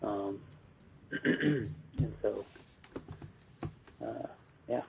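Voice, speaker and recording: A man, an electrical business owner, answering interview questions in a halting way full of ums and restarts. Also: on the low side, gravelly, slight background noise. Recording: phone-like narrow line.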